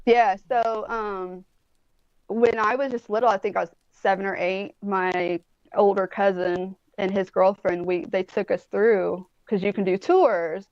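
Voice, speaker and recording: A woman's voice: mid-range voice, fairly even intonation, unhurried, a little mellow, no echo, dull audio. A woman in her forties from Indianapolis, a guest telling stories in a rambling, casual way with plenty of swearing. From Indianapolis, USA. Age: 40s. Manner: rambling storyteller, swears freely, many "like" and "um". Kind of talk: casual chat. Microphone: phone or tablet on a video call.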